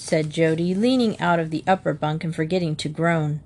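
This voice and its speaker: A woman narrating a children's storybook in a clear, even way. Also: deep voice, normal speed. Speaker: audiobook narrator.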